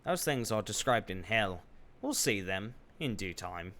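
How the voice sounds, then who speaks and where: A man's voice: on the low side, expressive, a little slow, fairly bright tone. A male streamer playing a game live, reading the dialogue aloud and adding wry, joking asides.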